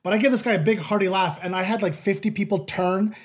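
A man from Canada, hosting a podcast and telling stories in a rambling, animated way with plenty of fillers. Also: high voice, fast. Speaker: podcast host. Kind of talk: casual chat.

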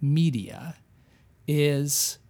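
A man co-hosting a comedy podcast, rambling through history with absurd deadpan jokes. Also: fairly high pitch, extremely slow, gravelly. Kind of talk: casual comedic chat.

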